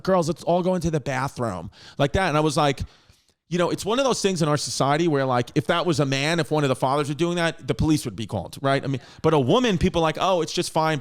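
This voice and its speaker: A man in his thirties hosting a podcast, telling a story in a rambling, animated way with frequent restarts and swearing. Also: fairly high pitch. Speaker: podcast host. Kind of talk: casual storytelling.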